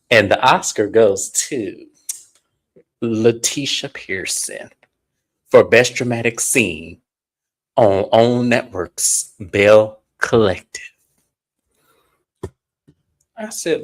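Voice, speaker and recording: A man hosts a casual reality TV recap, animated and sassy. He stretches words out for emphasis and talks straight at the people on screen. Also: mid-range voice, slow pace, long pauses. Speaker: podcast host.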